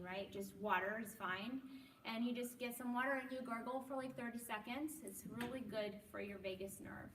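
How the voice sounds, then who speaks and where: A woman leading a group wellness class, explaining calmly and encouraging people to join the exercises. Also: mid-range voice, background noise. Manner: encouraging, demonstrates loud shouts. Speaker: workshop leader. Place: room with a group. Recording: echoey room, from far off.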